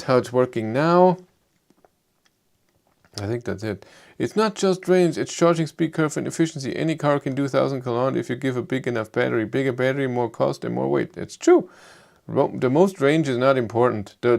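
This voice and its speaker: A man with a German accent, hosting a live stream and chatting with viewers in English in a halting, rambling way. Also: mid-range voice, gravelly, a little mellow. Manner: rambling, halting, frequent restarts. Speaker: YouTube car channel host.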